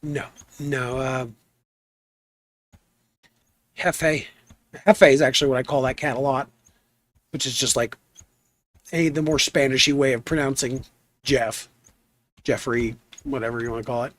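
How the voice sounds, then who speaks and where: A young man chatting in a relaxed, rambling way while streaming a game, trailing off into asides. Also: mid-range voice, normal speed, pauses often, no echo. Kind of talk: relaxed live stream chat.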